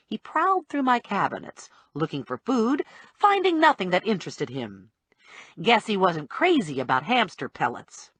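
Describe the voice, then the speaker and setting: A woman reading a first-person audiobook with wry, deadpan humor. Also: on the low side, normal speed, husky, dry recording. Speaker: audiobook narrator.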